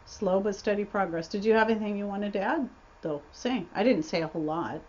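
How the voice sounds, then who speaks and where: A woman's voice: mid-range voice, brisk, darkish tone. A woman hosting a casual livestream Q&A from her homestead, chatty and rambling, often restarting her sentences. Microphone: webcam mic. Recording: slightly dull webcam audio.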